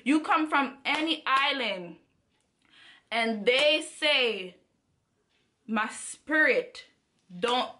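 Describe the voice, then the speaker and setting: High, bright young woman vlogger. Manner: animated, chatty, speaks straight to viewers. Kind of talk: casual storytime.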